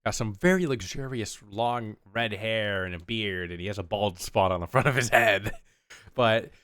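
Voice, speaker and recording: A man narrating as game master in a tabletop game, animated and laughing often. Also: lowish voice, normal speed, clear, resonant tone.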